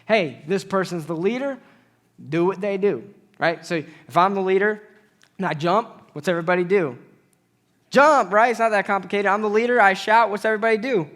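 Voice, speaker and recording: A man preaching a sermon in an animated way, acting out conversations with God as he speaks. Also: sits high, a little fast. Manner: animated, acts out dialogues with God.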